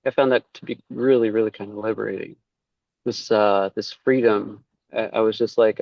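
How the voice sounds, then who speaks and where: A man's voice: on the low side, flat delivery, moderate pace, vocal fry, no echo, muffled recording. A man talking casually as a podcast guest, rambling, with many fillers and quoted asides. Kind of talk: casual conversation.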